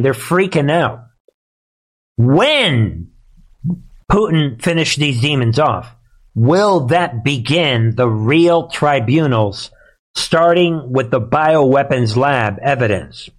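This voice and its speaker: A man's voice: medium pitch, expressive, slow. A man hosting a live political commentary show, speaking straight to his audience in a sarcastic, emphatic way.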